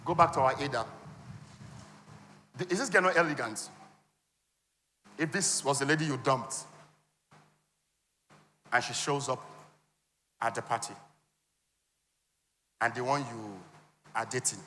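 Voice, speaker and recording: A man giving a lively motivational talk at a business conference, now and then acting out other people's voices. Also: measured pace, long pauses, slight background noise. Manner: animated, acts out high voices for women. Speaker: conference speaker. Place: large conference hall. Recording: reverberant hall.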